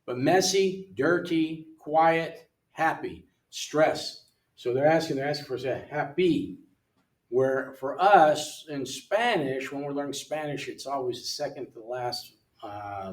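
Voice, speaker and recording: A man's voice: mid-range voice, a little slow, far from the mic. Older man reading lesson words aloud, roomy. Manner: relaxed, thinking aloud, reads words off the screen. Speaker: missionary English tutor. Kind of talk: casual walkthrough of an app lesson. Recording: roomy sound from away from the mic.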